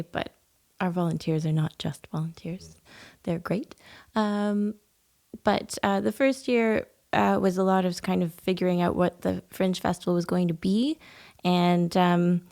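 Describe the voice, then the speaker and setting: Gravelly-voiced Canadian woman chatting softly. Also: mid-range voice. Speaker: podcast guest, poet. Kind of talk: casual chat. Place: small room in a historic house.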